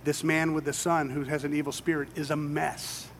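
A man's voice: a little high, little pitch movement, moderate pace, a bit bright, slight background noise. A man preaching a sermon, retelling scripture stories with dramatic quoted voices. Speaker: pastor. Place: church sanctuary with children present.

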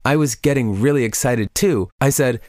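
A man's voice: medium pitch, moderate pace, a little mellow, soft background music. Man narrating a confession story evenly.

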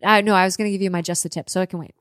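A woman co-hosting a casual podcast, chatty and giggly with quick asides. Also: lowish voice, steady tone, a bit bright, no echo. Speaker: podcast co-host.

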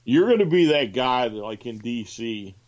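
A man's voice: mid-range voice, big pitch swings, normal speed. Skeptical guy ribbing his cohost, bouncy voice, kinda muffled audio. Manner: teasing, skeptical. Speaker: podcast co-host. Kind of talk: casual wrestling chat.

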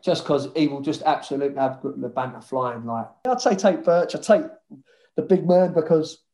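A man, once a footballer, recounts old dressing-room tales with a lot of swearing and banter. His voice sits a little high for a man, and he talks casually. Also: moderate pace. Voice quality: swears freely, lively banter. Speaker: guest, former footballer. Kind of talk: casual storytelling chat.

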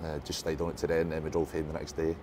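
Deep-voiced laid-back Scottish man. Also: monotone, quick pace, noisy background. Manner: laid-back, short plain answers. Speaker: footballer guest. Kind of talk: casual chat.

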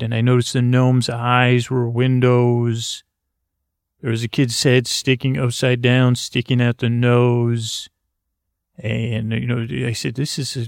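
Gravelly deadpan man rambling through a story. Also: mid-range voice, dry recording, clean studio sound. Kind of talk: improvised comic story narration.

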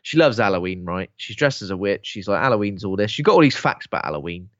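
A British man in casual chat about a film, jokey and quick with silly voices. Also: lowish voice, lively intonation, fairly bright tone, no room sound. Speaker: podcast co-host. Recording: slightly dull, dry sound.

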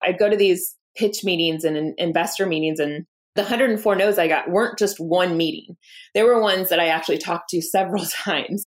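Woman founder, 30s, candid and lively in interview, slips into quoted voices. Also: lowish voice, a little fast. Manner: animated, acts out quoted dialogue, laughs often. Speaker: founder and guest.

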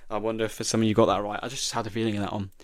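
A man's voice: fairly low pitch, little pitch movement, racing, no room sound, clean studio sound. A young man, hosting a solo football podcast, reading quiz questions aloud and talking his way through his guesses. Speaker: podcast host.

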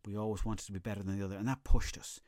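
A man's voice: on the low side, fairly even intonation, very fast, a little mellow, no room sound, clean studio sound. A young Irish man hosting a comedy podcast, telling rambling, profane stories in a casual monologue. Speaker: podcast host.

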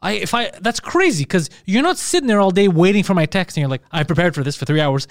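A man hosting a podcast in casual chat, swearing freely and acting out quoted texts in a lower voice. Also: expressive, dry recording, clean studio sound. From Montreal, Canada. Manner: profane, fast storytelling, acts out quotes in a lower voice. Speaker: podcast host.

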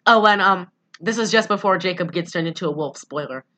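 A young woman with a bright, forceful voice pitched a little low, chatting loosely on a podcast. She recaps a movie and rambles with plenty of fillers and asides. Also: a little fast. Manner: rambling, full of "um" and "like", laughing asides. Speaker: podcast co-host. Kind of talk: casual chat recapping a movie.

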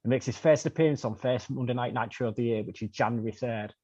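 A man, podcast co-host, narrating a comic story in a deadpan, hesitant way. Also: mid-range voice, fast, slightly rough. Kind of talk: comedic storytelling. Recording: dull dry recording.

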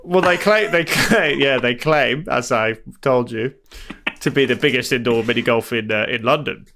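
A man's voice: mid-range voice, moderate pace, creaky, pushed and bright. A man co-hosting a comedy podcast, bantering in a dry, mocking way at his desk mic. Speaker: podcast co-host. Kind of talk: bickering comedy podcast chat. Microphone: home studio mic at a desk.

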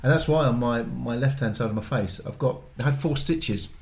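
A man's voice: mid-range voice, normal speed, vocal fry, a little mellow. An older man telling long, rambling stories full of ums and restarts in casual family podcast chat. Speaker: podcast co-host, father.

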